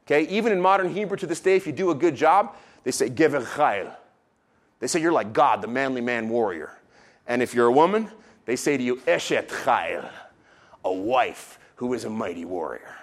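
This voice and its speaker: Animated man preaching a sermon. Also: mid-range voice, a little fast. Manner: animated, playful, shifts between loud exclamations and quiet asides. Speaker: pastor.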